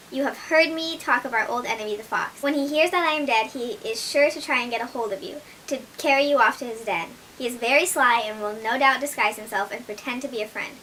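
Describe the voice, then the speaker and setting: A woman's voice: on the high side, sharp tone, slight background noise, poor audio. A woman reading aloud voices an old, feeble mother pig who warns her children earnestly. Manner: earnest, warning storybook voice.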